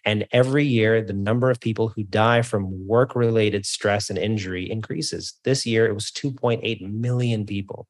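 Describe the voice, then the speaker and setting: A man's voice: lowish voice, steady tone, normal speed, hardly any pauses. A man who gives keynote talks, a guest on a podcast, explaining his ideas energetically and now and then correcting himself. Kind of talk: interview conversation.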